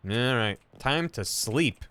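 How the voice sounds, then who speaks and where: Guy streamer reading game text out loud, bouncy lively pitch, kinda bright tone. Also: slow, clear, resonant tone. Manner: casual asides between narration. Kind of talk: reading game text aloud while playing.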